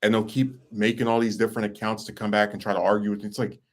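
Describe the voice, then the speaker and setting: A man's voice: lowish voice, little pitch movement, quick pace. A young man hosting a podcast, ranting in a blunt, sarcastic, exasperated way. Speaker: podcast host. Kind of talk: casual chat.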